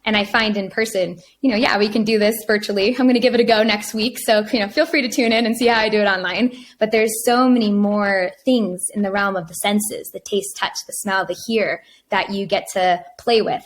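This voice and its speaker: A woman guest on a podcast interview, telling stories in a casual, energetic way, laughing often and acting out quotes. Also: mid-range voice, brisk, few pauses, slight background noise. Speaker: podcast guest, retreat organizer.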